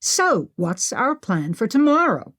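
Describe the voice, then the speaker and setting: A woman's voice: a little high, sing-song, slow pace, fairly bright tone, dry recording, studio quality, voice pushed up, exaggerated voice. A woman reading the part of an impatient, restless young woman treasure hunter in an audiobook, with a grumbling manner.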